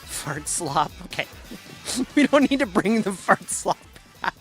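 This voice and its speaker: A woman's voice: mid-range voice, sing-song, unhurried, soft background music. A woman streamer in casual chat, rambling and joking, often laughing at herself.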